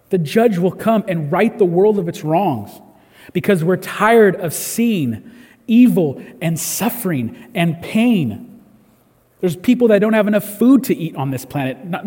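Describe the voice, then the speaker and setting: Pastor guy preaching, kinda husky, higher voice, long church echo. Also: mellow. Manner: conversational preaching with repeated restarts. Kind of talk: sermon. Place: church service.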